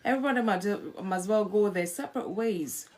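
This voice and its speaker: A middle-aged woman hosting a live-stream talk on marriage, coaching listeners in an earnest, animated way. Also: mid-range voice, a little fast. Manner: animated, acts out quarrelling spouses in quotes. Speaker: host.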